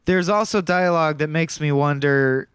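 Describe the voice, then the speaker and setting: Young guy co-hosting a movie podcast, excited and swearing a lot, smooth clean voice. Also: on the high side, moderate pace, no room sound. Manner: animated, swears freely, acts out movie quotes. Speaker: podcast co-host. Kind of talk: casual film discussion.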